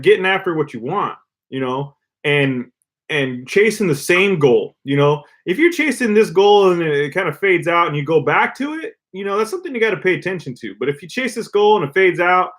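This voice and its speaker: A man co-hosting a podcast in casual chat, talking loosely and filling his sentences with "you know" and "like". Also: on the high side. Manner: relaxed, peppers speech with "you know, like". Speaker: podcast co-host.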